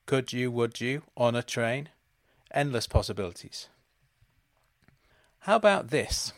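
A man, hosting a podcast and delivering a deadpan comic monologue about absurd schemes. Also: mid-range voice, unhurried, no room sound, studio quality. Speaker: podcast host.

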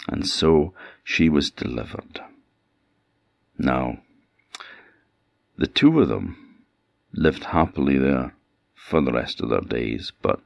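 A man with an Orcadian accent telling a traditional folktale with lively, dramatic delivery. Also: rumbling low, vocal fry, no echo, highs cut off. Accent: Orcadian Scots. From Orkney Islands. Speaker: traditional storyteller.

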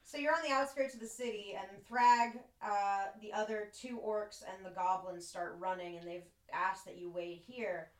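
A woman running a tabletop game as game master, narrating in a relaxed way with plenty of fillers, recorded at a distance in an echoey room. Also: medium pitch, normal speed, hardly any pauses.

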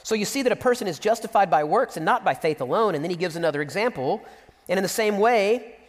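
Animated high-voiced preacher man in a hall. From Central Texas. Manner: animated preaching, reading scripture and acting out quotes. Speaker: pastor. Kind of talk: sermon.

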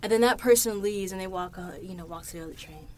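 A woman's voice: mid-range voice, fast. Woman, young adult, podcast host, casual studio monologue, chatty and profane. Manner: chatty, swears freely, animated storytelling. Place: recording studio.

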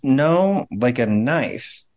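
A man hosting a casual video-call chat, speaking haltingly and laughing nervously as he describes a spiritual impression. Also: medium pitch, lively intonation, darkish tone. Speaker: host. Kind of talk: casual group chat about a spirit reading.

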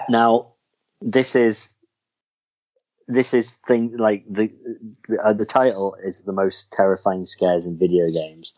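A man's voice: lowish voice, fairly even intonation, takes it slowly, long pauses, a little mellow. A man hosting a podcast, chatting casually about films and games in a rambling way with lots of restarts. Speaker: podcast host. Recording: dull lo-fi recording.

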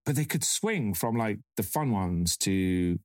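A man's voice: lowish voice, animated, a little slow, no echo, studio quality. A man hosting a casual chat, musing and meandering as he recalls things. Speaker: podcast host.

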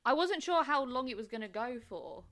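A woman's voice: sits high, expressive, a little fast, crowd noise. A woman guest chatting casually on a film podcast, laughing often and acting out lines she quotes. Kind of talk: casual chat.

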